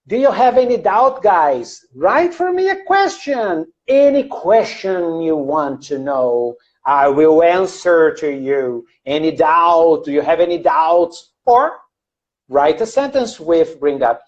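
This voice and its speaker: A man's voice: on the high side, animated, slow pace, dull audio. A man from Brazil with a Brazilian Portuguese accent teaching English in a live online class, greeting viewers by name, repeating phrases and using many fillers. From Minas Gerais, Brazil. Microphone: computer mic on a live video stream.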